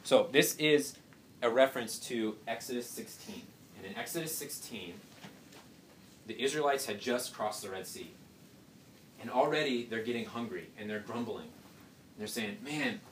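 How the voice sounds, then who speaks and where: A young man with a slightly low voice leads an easygoing Bible study, chatting through the passage and slipping in rhetorical questions and jokes. He's set back from the mic in a roomy, echoing space, with a faint hum running underneath.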